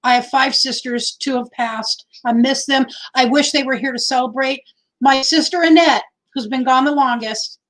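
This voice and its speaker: High-voiced woman chatting on a livestream. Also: fairly bright tone, rough recording. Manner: heartfelt, rambling, repeats herself. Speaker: livestream host. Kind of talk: casual livestream chat with viewers.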